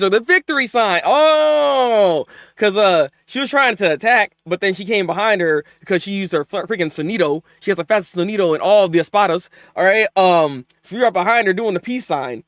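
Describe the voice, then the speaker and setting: A man streaming a live manga reaction. He gets excited, laughs often and chats with his viewers. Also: high-pitched, normal speed, no room sound, clean studio sound.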